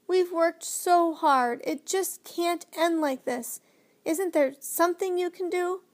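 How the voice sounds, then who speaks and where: A woman's voice: very high-pitched, takes it slowly, pitched above the performer's own voice. A woman doing a tearful begging little girl.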